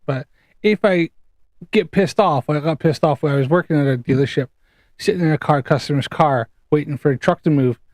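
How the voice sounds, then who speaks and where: Man, Canadian with a bit of Scouse, slightly high voice, casual video-call chat, animated and sweary, dry close sound. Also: fairly quick, no room sound. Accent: Canadian, with some Scouse. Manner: animated storyteller, swears freely, laughs. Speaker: guest.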